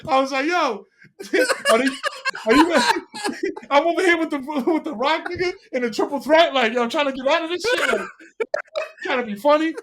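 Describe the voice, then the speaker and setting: Lively New storyteller man. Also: very high voice, normal speed, background noise. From New York. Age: middle-aged. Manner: animated, profane, acts out the people in his stories. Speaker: podcast guest. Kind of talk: casual storytelling chat.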